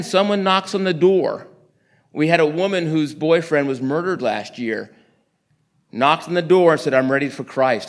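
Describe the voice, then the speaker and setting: A middle-aged man from New York City giving a storytelling sermon, acting out conversations in quick animated bursts. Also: a little high. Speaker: guest preacher.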